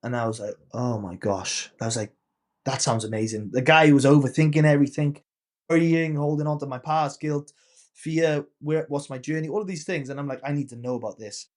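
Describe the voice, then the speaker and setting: A man's voice: a little high, fairly quick, darkish tone. A man in his thirties, a podcast guest and coach, casually telling a personal story and acting out the quoted dialogue.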